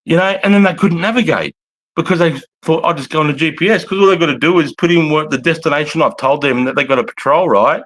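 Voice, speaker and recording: A man's voice: on the high side, fast, a bit bright, a little hiss or hum. An Australian man, an army veteran, telling blunt, profane, rambling stories casually on a livestream.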